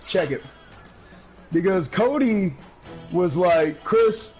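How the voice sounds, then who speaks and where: A male gaming streamer telling a story in casual chat, loud and profane, bursting into laughter, and high while he talks. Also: expressive, normal speed, soft background music, poor audio. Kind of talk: casual storytelling over gameplay.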